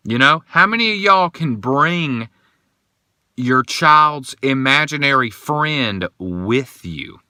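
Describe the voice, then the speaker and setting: A man hosting a casual solo podcast, telling rambling, animated stories. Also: mid-range voice, slow pace, clean tone, no room sound, studio quality. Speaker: podcast host.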